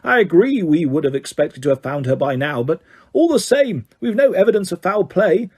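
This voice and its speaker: Man voicing pompous minister, flustered, defensive, middle-aged, mellow. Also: high voice, big pitch swings, normal speed, slightly rough, exaggerated voice. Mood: blustering. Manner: blustering, defensive.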